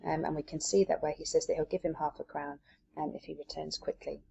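A woman teacher reading a novel aloud and explaining it steadily, often pausing on hesitations. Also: low-pitched, level tone, creaky, dark tone, breathy edge. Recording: dull lo-fi recording.

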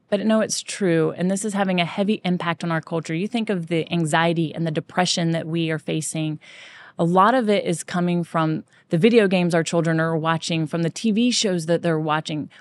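A woman's voice: lowish voice, dry recording. A woman hosting a faith podcast, talking earnestly and conversationally in a monologue. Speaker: podcast host.

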